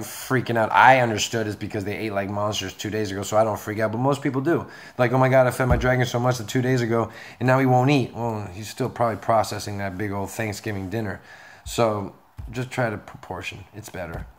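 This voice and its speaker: Young dude kinda low voice, chatty and rambly, answering fan questions about his lizards. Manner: chatty, rambling, reassuring advice. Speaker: reptile keeper answering viewer questions. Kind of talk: casual Q&A video.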